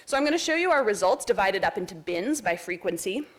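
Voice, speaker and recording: A woman presenting research at an academic conference, explaining step by step in a clear, methodical way with many examples. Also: medium pitch, big pitch swings, fast, a bit bright. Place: lecture hall.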